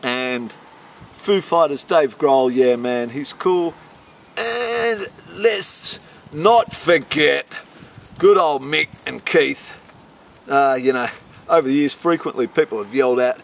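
A man's voice: a little high, slow pace, gravelly. A middle-aged man being interviewed, rambling in a boisterous, swaggering and profane way. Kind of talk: rambling casual interview talk.

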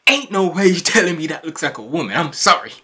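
A man's voice: fairly high pitch, sing-song, quick pace, sharp tone, breathy edge. A young man hosting a reaction video, bantering in a laid-back, joking way and often apologizing. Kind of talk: casual reaction commentary.

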